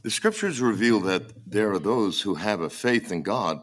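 A man preaching a sermon as pastor, emphatic and often halting to repeat his words, with a dry mocking humour. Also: on the low side, lively intonation, a bit bright.

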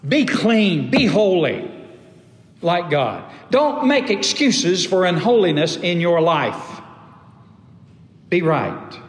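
A middle-aged man preaching a sermon as a pastor, emphatic, with long pauses and sudden drops to a low voice. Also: big pitch swings. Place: church sanctuary. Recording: echoey hall, faint room ambience.

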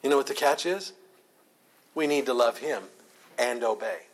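A man's voice: mid-range voice, moderate pace. A man leading a Bible study, teaching with emphatic, repeated phrases.

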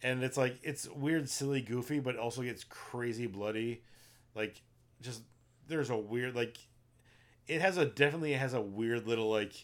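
A man co-hosting a casual movie podcast talks at a moderate pace with a medium-pitched voice. He retells film plots at great length, rambling and filling gaps with ums and likes.

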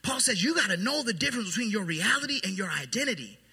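A man preaching a sermon as pastor, emphatic and then quietly intense. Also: high-pitched, sing-song, quick pace, vocal fry, husky. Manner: emphatic preaching that drops to soft, hushed intensity. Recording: long hall reverb.

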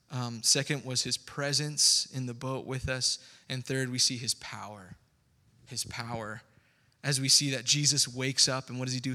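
A man preaching a sermon as pastor, in a conversational, animated way with asides to the congregation. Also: medium pitch, big-room sound.

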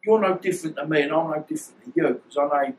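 A man, telling stories in an interview in a rambling, animated way and acting out the dialogue. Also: a little high, very fast, slight background noise, poor audio. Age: 50s. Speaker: guest, former boxer. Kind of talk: storytelling interview.

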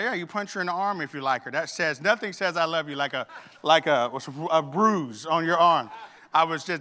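A man's voice: fairly high pitch, bright, forceful tone. A middle-aged man preaching a sermon, telling a funny story and acting out the dialogue. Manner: storytelling with humor, acts out dialogue. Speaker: pastor.

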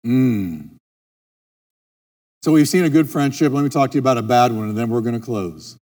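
A man's voice: mid-range voice, moderate pace. Emphatic male pastor preaching in a hall. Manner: emphatic preaching, repeats key phrases. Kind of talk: sermon. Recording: long reverb with soft music.

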